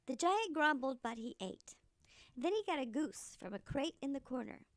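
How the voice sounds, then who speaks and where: An older woman reading a children's story aloud, slow and animated, with a gravelly voice. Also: high voice, no echo.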